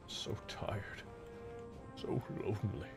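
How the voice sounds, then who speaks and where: A man hosting a casual livestream, joking, swearing, and loudly thanking viewers for gifts. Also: slow pace, music in the background. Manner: excitable, yells in thanks for gifts. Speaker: livestream host.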